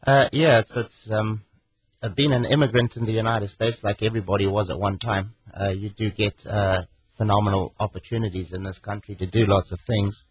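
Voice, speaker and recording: A British man from England, a guest author on a radio show, joking wryly with many pauses and fillers. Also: lowish voice, steady tone, husky, no echo, low-quality recording. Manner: wry, joking, hesitant with fillers. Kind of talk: radio interview. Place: radio studio.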